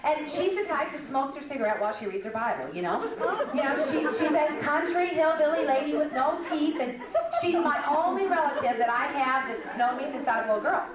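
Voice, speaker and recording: A woman's voice: high voice, lively intonation, a little fast, far from the mic, dull audio, over a noisy crowd. Older woman teaching in an echoey hall. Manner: chatty, humorous, storytelling. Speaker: speaker at a women's conference. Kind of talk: conversational teaching talk to women. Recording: echoey hall, mic from afar.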